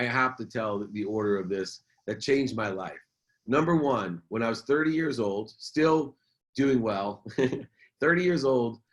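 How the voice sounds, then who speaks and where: A man's voice: mid-range voice, fairly bright tone. A middle-aged man, a businessman and motivational speaker, telling a personal story as a podcast guest in an earnest, emphatic way, repeating key phrases.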